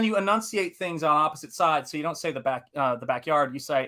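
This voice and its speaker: American guy hosting a stream, bright voice pitched a bit high, laughs a lot while chatting. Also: fast talker. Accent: General American. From United States. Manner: animated, laughing, switches into put-on accents. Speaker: livestream host. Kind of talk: casual chat.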